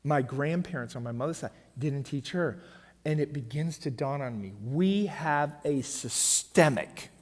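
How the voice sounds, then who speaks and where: A middle-aged man with a slightly high voice teaches a finance seminar at church, emphatic and punchy, often checking that the room is following. His voice rings with the long reverb of a church hall. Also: animated, a little slow.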